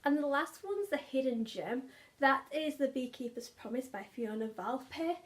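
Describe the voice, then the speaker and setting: A woman's voice: sits high, expressive, measured pace. A young woman, chatting enthusiastically about favourite audiobooks, often repeating words for emphasis. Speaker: book vlogger. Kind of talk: casual chat.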